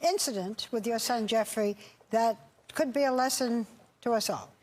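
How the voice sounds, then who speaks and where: High voiced lady hosting a daytime talk show, wry and brisk, faint hiss. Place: television studio.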